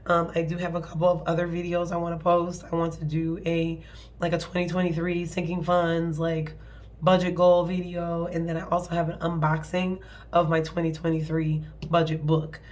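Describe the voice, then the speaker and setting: A young woman with a cold, hoarse and a little nasal, chatting casually as she walks through her family budget, apologetic and rambling with fillers. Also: lowish voice, monotone, moderate pace, darkish tone. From American Midwest. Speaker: budgeting channel host.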